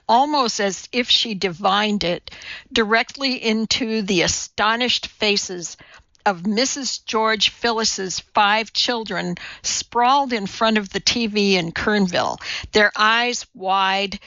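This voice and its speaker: A woman narrates an audiobook with a measured, expressive delivery. Her voice is bright and crisp, and her pace is slow. The recording is dry and a little dull. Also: mid-range voice, no room sound. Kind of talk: scripted narration.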